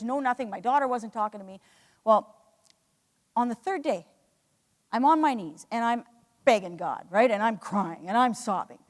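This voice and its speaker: Earnest woman speaking in an echoey hall. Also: a little high. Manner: earnest, emotional storytelling with frequent restarts. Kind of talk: motivational talk to a live audience.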